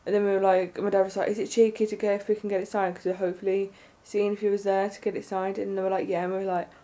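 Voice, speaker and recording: A young woman vlogging, telling a story in an excited, rambling way with lots of fillers. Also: mid-range voice, racing. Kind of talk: casual storytelling to camera.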